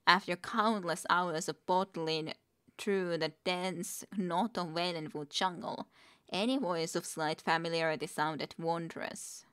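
Woman, streamer, reading aloud, wry asides, lowish voice, unhurried. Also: fairly even intonation, fairly bright tone, clear, resonant tone. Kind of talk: reading a book aloud with casual comments.

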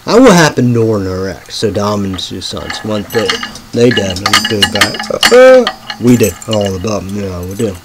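A man rambling in a halting monologue, full of fillers, dropping to a murmur and then bursting out loud and swearing. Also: on the low side, big pitch swings, very noisy. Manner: swings from murmuring to sudden loud outbursts. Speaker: vlogger.

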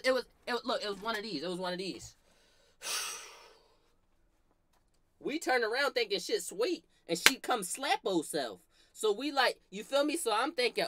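A young man tells a story as a loose, profane comedic rant, full of slang and laughing at his own jokes. His voice is bright and forceful. The sound is dry and close. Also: high-pitched, no room sound. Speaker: vlogger.

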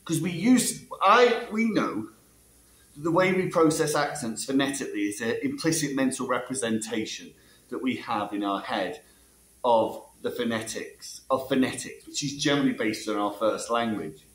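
A man's voice: mid-range voice, moderate pace, a bit bright, slight background noise. A man explaining ideas about language learning in a casual monologue, asking rhetorical questions and tagging his sentences with "yeah?". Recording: echoey room.

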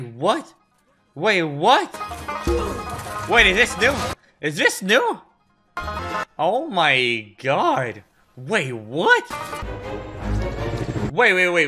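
Excitable young man reacting to a film. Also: sits high. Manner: excitable exclamations and quick questions. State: a bit tired. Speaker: movie reactor. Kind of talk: casual reaction commentary.

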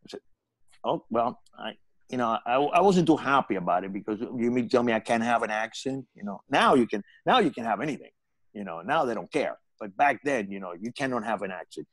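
An older man with a Spanish accent tells comic stories over a video call. He laughs often and his pitch swings widely. The sound is dry and close, with no room echo. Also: brisk. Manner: animated, laughing storyteller. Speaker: guest comedian. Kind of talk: casual storytelling.

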